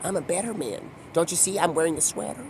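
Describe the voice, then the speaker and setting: A man's voice: fairly high pitch, fast, slight background noise, voice pushed down, close to an everyday voice. A man putting on a subdued, earnest voice for a reformed male movie star.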